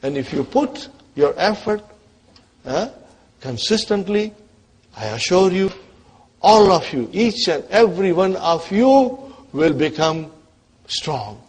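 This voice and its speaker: A man teaching an Arabic grammar class, coaxing his students and checking in with them often, his voice dropping away quietly at the ends of phrases. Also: high voice, expressive, takes it slowly, slightly rough.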